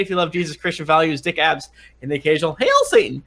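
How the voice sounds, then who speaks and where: A man hosting a podcast stream, reading listener reviews aloud in a jokey, halting way with many fillers. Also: sits high, sing-song, bright, forceful tone. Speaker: podcast host.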